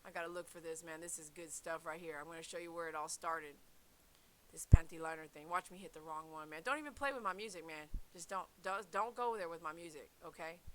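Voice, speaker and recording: A woman talking casually on her vlog in an animated, slangy way. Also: on the low side, fast, hardly any pauses, a little hiss or hum, poor audio. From United States. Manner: animated, laughing, slangy with "man" fillers. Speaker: vlogger. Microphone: headset.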